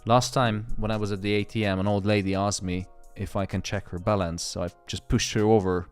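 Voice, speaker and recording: A man's voice: on the low side, little pitch movement, fairly quick, clean tone, faint music behind. A man hosting a live trading stream, chatting casually and joking with guests over a call. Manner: joking, laid-back banter.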